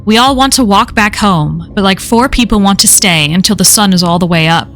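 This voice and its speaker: A woman's voice: mid-range voice, fairly quick, a bit bright. Woman reading a horror story aloud. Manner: casual first-person storytelling with frequent swearing. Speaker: story reader and streamer.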